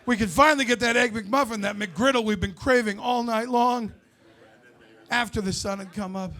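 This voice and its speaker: A man doing a stand-up comedy set on stage, ranting and profane, with shouted punchlines. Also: high-pitched, normal speed. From United States.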